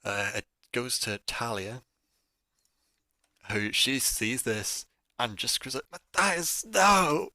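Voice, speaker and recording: A man running a tabletop game, his voice bright and forceful. He narrates in a loose, casual way full of "like" and quick restarts. The sound is close and dry, with no room echo. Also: lowish voice, steady tone. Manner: casual, filler-heavy narration with frequent "like". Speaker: game master.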